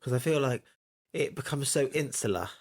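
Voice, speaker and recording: A very deep-voiced woman co-hosting a casual podcast, playful and teasing. Her voice swings a lot in pitch as she jokes with her co-host. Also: animated, normal speed, darkish tone.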